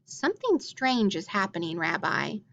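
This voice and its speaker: A woman's voice: medium pitch, sing-song, normal speed, gravelly, a bit bright, a little hiss or hum. A woman voicing a kindly, chatty old village grandmother while reading a storybook aloud. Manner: fussing, chatty, good-natured.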